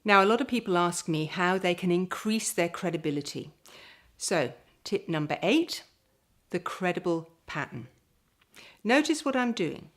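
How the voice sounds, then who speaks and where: A middle-aged woman, a speaker coach, giving presentation tips straight to the camera and demonstrating calm and lively voice patterns. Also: lowish voice, a little slow. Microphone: camera mic, standing.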